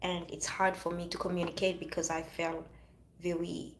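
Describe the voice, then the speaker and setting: A woman's voice: on the low side, little pitch movement, moderate pace, roomy sound, poor audio. A woman with a French accent speaking earnestly in a casual motivational monologue, often restarting her phrases. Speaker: vlogger.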